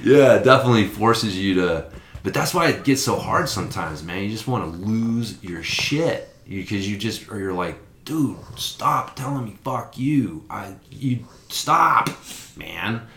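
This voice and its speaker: Casual male podcast host, low-ish but bright and forceful tone, lots of cursing, roomy room sound. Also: lively intonation, unhurried, vocal fry, a little hiss or hum. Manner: profane, acts out quoted exchanges. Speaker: father of young kids. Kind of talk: casual chat. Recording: roomy echo.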